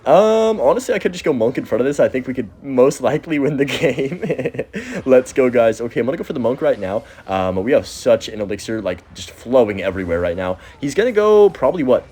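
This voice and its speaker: A young man giving excitable, chatty commentary over his own gameplay, talking straight to his viewers. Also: mid-range voice, fast, hardly any pauses. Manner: excitable, chatty, talks to viewers as "guys" and "bro". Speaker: gaming YouTuber.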